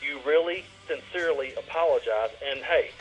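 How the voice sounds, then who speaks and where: A man's voice: on the high side, moderate pace. A man calling in to a radio show, speaking earnestly and emphatically about his views. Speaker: caller. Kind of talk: phone-in opinion rant. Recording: dull lo-fi line with faint music.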